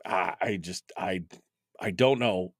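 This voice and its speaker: A man's voice: sits low, slow, dry recording, studio quality. A man in his fifties hosting a talk radio show, delivering a wry, exasperated, rambling monologue full of asides. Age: 50s.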